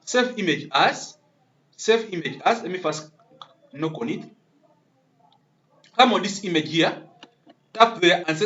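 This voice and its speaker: A man's voice: high voice, animated, measured pace, pauses often, sharp tone. A man teaching web development live on screen, repeating words and checking in with "okay?" after nearly every step. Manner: repetitive, keeps asking "okay?". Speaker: coding instructor. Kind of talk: live-coding screen tutorial. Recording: dull lo-fi recording.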